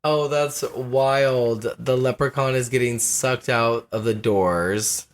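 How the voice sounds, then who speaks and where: A man's voice: medium pitch, steady tone, slow pace. Chatty man hosting a movie commentary. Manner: chatty, addresses listeners directly, laughs easily. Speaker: podcast host.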